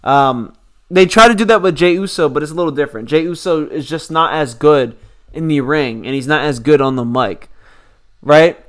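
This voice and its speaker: A man's voice: fairly high pitch, moderate pace. A man casually recapping a wrestling show, opinionated and rambling, with lots of fillers.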